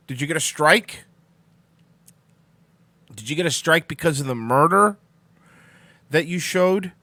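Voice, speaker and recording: A man's voice: a little high, lively intonation, takes it slowly, long pauses, fairly bright tone, dry recording. A young man hosting a casual morning live stream, rambling and sarcastic, sleepy and yawning, swearing as he answers the chat. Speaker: host of a live-streamed morning talk show.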